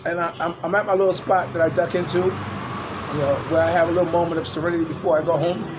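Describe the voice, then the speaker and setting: An older man vlogs in a rambling, casual way from a small outdoor hangout after tennis, keeping a level tone. His fairly high male voice carries chuckles and "you know" fillers over a steady hum of traffic and street sounds.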